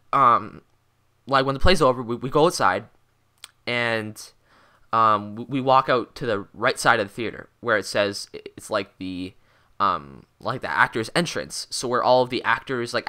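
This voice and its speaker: Excitable teenage boy telling a rambling story. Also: mid-range voice. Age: teens. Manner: excitable, swears constantly, rambling with many fillers. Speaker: vlogger. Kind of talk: casual storytelling vlog.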